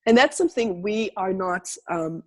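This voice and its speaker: Husky-voiced woman musing in a video call. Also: mid-range voice, expressive, moderate pace, a little mellow. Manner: reflective, poses questions, acts out inner voices. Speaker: guest facilitator. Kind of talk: conversational video call chat.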